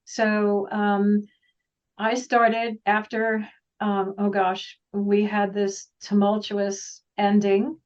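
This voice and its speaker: A woman guest telling her story in a casual, rambling, animated way, often acting out the dialogue she quotes. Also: medium pitch, very slow. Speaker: guest, intuitive practitioner. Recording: distant, dull lo-fi sound.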